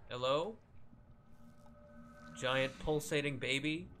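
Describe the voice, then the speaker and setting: A man's voice: mid-range voice, slow, a bit bright, a little hiss or hum. A young man giving casual, rambling commentary while streaming a modded game, laughing often, swearing and yelping when startled. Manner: rambling and self-deprecating, laughs often, swears, yelps at scares.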